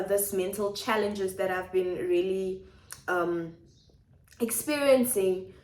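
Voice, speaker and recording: Reflective woman in echoey kitchen. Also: medium pitch. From South Africa. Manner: reflective, speaks in repeated phrases. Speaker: vlogger. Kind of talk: personal vlog confiding to viewers. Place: home kitchen.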